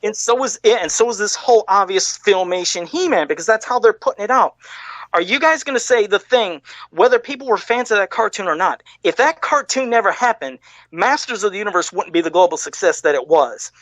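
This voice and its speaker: A man's voice: high voice, animated, fairly quick, fairly bright tone, dry recording. A man co-hosting a fan podcast, ranting hard with lots of swearing and getting emotional. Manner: profane, worked-up ranting. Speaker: podcast co-host. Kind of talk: heated fan podcast rant.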